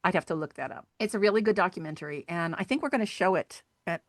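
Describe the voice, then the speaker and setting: Earnest woman telling stories, lowish voice. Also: fast talker, dry recording, clean studio sound. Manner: earnest, animated storyteller acting out quoted voices. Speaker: podcast guest, sculptor and hiking group founder. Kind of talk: conversational storytelling interview.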